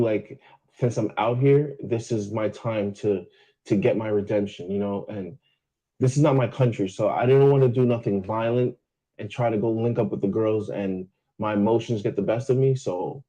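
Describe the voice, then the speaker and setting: A man's voice: fairly low pitch, normal speed, dark tone, low-quality recording. A man in a played vlog clip, earnestly recounting what he did. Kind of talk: vlog storytelling.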